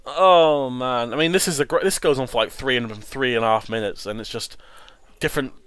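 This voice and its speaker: A man hosting a casual movie riff commentary, animated and laughing, often restarting his sentences. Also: medium pitch, a little fast, smooth, dry recording. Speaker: host.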